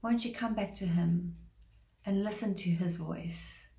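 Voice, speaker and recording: Woman preaching, slight vocal fry. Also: on the low side, dark tone. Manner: earnest, measured, slows to stress scripture. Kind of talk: short devotional sermon. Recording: echoey room.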